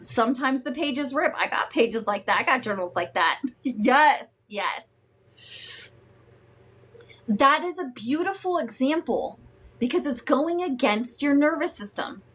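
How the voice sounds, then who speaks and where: Woman coach for a live stream, frank and salty, high voice, slow and deliberate. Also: expressive, breathy edge. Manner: frank, emphatic, profane, greets viewers warmly. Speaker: host and emotional wellness coach. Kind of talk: live-streamed teaching talk.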